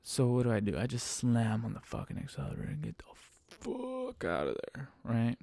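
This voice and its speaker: A man with a gravelly, dark-toned voice tells a rideshare driving story in a casual monologue. He swears constantly and lays on emphatic exasperation. The sound is dry and close. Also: mid-range voice, lively intonation, fast, dry recording. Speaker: rideshare driver telling stories.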